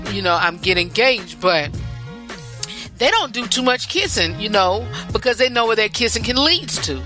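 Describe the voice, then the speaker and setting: A woman hosting a podcast, talking in a rambling, chatty way, often repeating herself. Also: medium pitch. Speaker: podcast host. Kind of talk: casual talk-show monologue.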